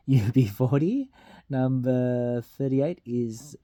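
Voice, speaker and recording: A man's voice: mid-range voice, slow pace, mellow, no echo. Man, casual song countdown, half-sung titles, laughs at slips, dry close sound. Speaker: vlogger counting down a song chart.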